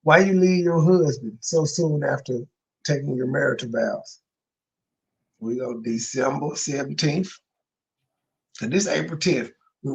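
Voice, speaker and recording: A man talks over a clip in a reaction commentary, blunt and openly mocking, with rhetorical questions piling up. His voice sits high for a man and has a gravelly, creaky edge. He swears freely as he picks apart what he hears. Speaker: commentary host reacting to a livestream.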